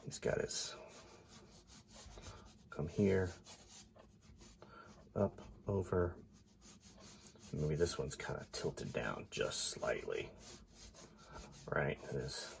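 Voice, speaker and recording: A congested man with a stuffy nose casually commenting as an artist while he draws, thinking aloud and often trailing into quiet mumbles. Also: rumbling low, vocal fry, slight background noise.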